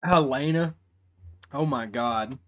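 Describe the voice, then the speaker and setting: A man's voice: mid-range voice, takes it slowly, a bit bright. A man hosting a reaction video, talking in blunt, mocking, heavily sworn casual commentary and laughing at the clips.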